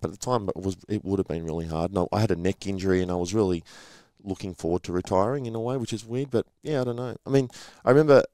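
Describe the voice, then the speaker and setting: A middle-aged man chatting as an interview guest, his voice sitting very low. He talks quickly and acts out the people in his anecdotes. The sound is dry and close. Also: a little mellow, no room sound. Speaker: podcast guest, former rugby league player. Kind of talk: casual storytelling interview.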